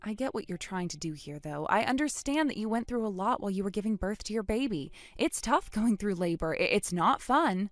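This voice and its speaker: A woman's voice: mid-range voice, expressive, a little fast, hardly any pauses, no echo, natural voice. A woman playing an earnest, outraged young aunt. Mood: pleading. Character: indignant young aunt defending her brother's baby. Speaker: voice actor in a text-story drama. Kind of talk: scripted dialogue reading.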